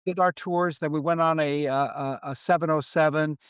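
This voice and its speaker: A man in his seventies, a veteran guest in an interview conversation, speaking in a reflective, halting way and acting out quoted exchanges. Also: a little high, steady tone, smooth, no room sound.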